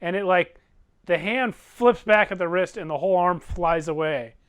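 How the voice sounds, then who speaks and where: Playful high-voiced game master. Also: male voice, moderate pace, a bit bright, clear, resonant tone. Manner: playful, laughs while narrating. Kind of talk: narrating a tabletop game.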